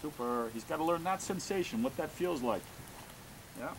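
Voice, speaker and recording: A man's voice: a little high, lively intonation, moderate pace, vocal fry, a little hiss or hum, poor audio. A man coaching a dressage lesson, giving short commands and encouraging praise. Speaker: riding instructor.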